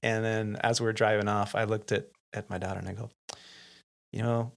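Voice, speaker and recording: A middle-aged man, a podcast host and pilot, telling lively anecdotes in casual chat, laughing often and acting out the lines of the people in his stories. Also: lowish voice, brisk, vocal fry. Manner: animated anecdotes, laughs often, acts out quotes.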